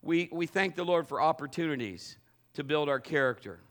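A middle-aged man preaching a sermon, telling a funny story and acting it out in a lively way. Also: a little high, normal speed. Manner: animated, acts out the story. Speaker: pastor.

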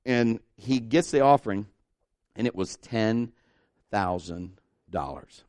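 A middle-aged man preaching a sermon, telling a story and acting out the people in it, swinging between loud and hushed. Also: on the low side, slow, no room sound. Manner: animated, acts out dialogue, shifts between loud and hushed.

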